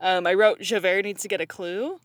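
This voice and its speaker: A woman's voice: medium pitch, steady tone, a little fast, no echo. A woman in casual chat, ranting in exasperation and laughing often.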